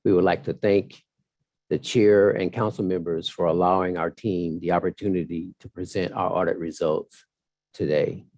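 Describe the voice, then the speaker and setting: Man, deep and warm-toned, formal measured presenter of audit results. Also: steady tone, no echo, dull audio. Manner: measured, formal, with some fillers. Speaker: audit firm partner presenting. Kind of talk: formal presentation at a council hearing.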